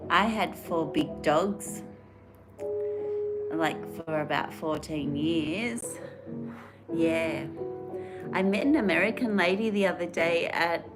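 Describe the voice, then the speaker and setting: A woman from Australia hosts a live stream, chatting casually and earnestly, rambling and reading out viewer comments. Her voice is on the low side, she speaks slowly and pauses often, and loud music plays behind her.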